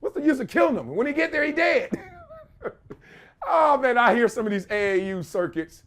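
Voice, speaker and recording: A man hosting a podcast, talking in animated casual commentary, laughing often and slipping into quick voices of other people. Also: very high-pitched. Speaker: podcast host.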